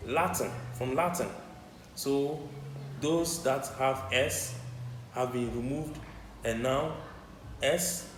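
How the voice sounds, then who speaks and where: Man, language teacher, halting explanatory delivery; reverberant room with clear background noise. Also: mid-range voice. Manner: measured, halting explanation with repetitions and uneven pace. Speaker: French teacher. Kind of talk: language lesson.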